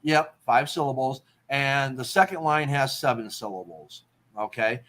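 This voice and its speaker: A man's voice: mid-range voice, lively intonation, measured pace, a bit bright. Casual man explaining poetry terms. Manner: explains terms, checks in with "okay?". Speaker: podcast host.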